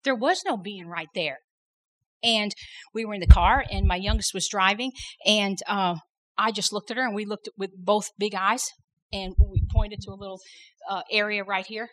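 A woman's voice: mid-range voice, moderate pace, rough recording. A middle-aged woman sharing a faith testimony at a women's workshop, earnest and repeating words for emphasis. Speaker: women's conference workshop speaker.

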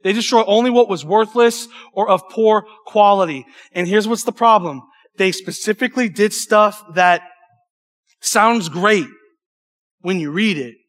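High-pitched young man preaching animatedly to a youth group, prone to stumbles and asides. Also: a little slow, fairly bright tone. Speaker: youth pastor. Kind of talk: sermon.

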